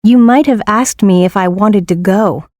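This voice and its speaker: A woman reading grammar exercise sentences in a plain, clear manner. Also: mid-range voice, normal speed, a little mellow, no echo, clean studio sound. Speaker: example sentence reader.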